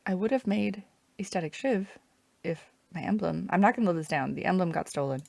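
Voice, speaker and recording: A woman's voice: fairly low pitch, lively intonation, a little fast, gravelly, darkish tone, no echo. A woman from Canada chatting casually and wryly while streaming a strategy game, rambling between moves. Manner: chatty, rambling, wry asides.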